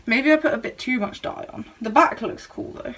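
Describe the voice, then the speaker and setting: A woman's voice: on the high side, normal speed, fairly bright tone, a little hiss or hum. A young woman chatting casually to a handheld camera at home, exclamatory and self-mocking. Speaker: vlogger. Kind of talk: casual vlog chat. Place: home and garden. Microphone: handheld camera, shaky.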